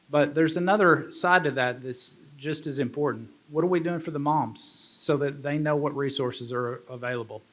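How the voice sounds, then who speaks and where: Guy giving a speech at a dinner, earnest, keeps restarting sentences, average pitch. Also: fairly bright tone. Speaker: state representative. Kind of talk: banquet speech.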